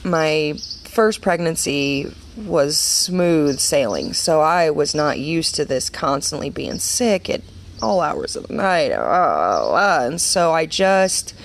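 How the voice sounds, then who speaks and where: A woman's voice: low-pitched, sing-song, slow, slight background noise. A woman in her thirties giving a personal faith testimony in an earnest, conversational way, full of fillers and restarts. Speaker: women's ministry speaker.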